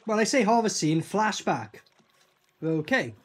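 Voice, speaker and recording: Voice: mid-range voice, very animated, heavy background noise. Rambling movie reactor, swearing freely. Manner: rambling, profane, acts out characters in quick asides. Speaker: film reviewer. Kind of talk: casual movie reaction commentary.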